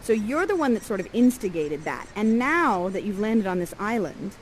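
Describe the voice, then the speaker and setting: A woman directing a live Shakespeare performance, coaching the players and reading their lines softly. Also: mid-range voice, normal speed, a little hiss or hum, low-quality recording. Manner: animated, coaching, reads lines aloud in a soft voice. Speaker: theatre director coaching actors.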